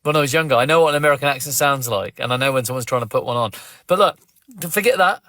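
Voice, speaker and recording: A man's voice: mid-range voice, racing, pushed and bright, no echo. An English man hosting a live phone-in stream in a casual, blunt and confrontational way. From England. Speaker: live stream host taking callers.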